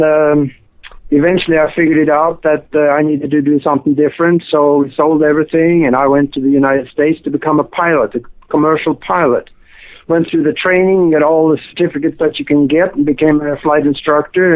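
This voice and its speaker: An older man from Norway, a radio guest talking casually in a rambling, hesitant way full of fillers, heard over a cell phone. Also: on the high side. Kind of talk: casual interview. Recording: tinny cell phone line.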